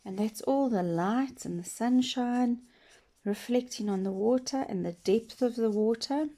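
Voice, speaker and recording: A woman giving a patient painting lesson for children, gently asking questions and dropping to soft whispers as she works. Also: a little high, measured pace. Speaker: children's art teacher. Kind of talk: slow painting demonstration for children.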